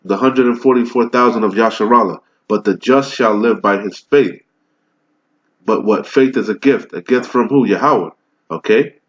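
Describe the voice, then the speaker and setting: A man preaching fiery scripture teaching, asking rhetorical questions and answering them himself, sometimes reading verses slowly and deliberately. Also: lowish voice. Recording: dull lo-fi recording.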